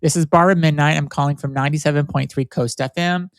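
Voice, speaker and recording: A man's voice: fairly high pitch, fairly even intonation, fast, no room sound, clean studio sound, natural voice. A man voicing a bubbly fake female radio DJ in upbeat announcer patter. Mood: chirpy.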